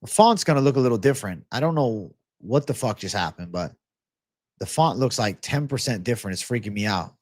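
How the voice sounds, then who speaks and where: A man's voice: mid-range voice, expressive, brisk, a little mellow, no room sound, studio quality. A man hosting a live betting-picks stream, rambling and swearing freely, prone to angry rants. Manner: profane, rambling, flares into ranting. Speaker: livestream host.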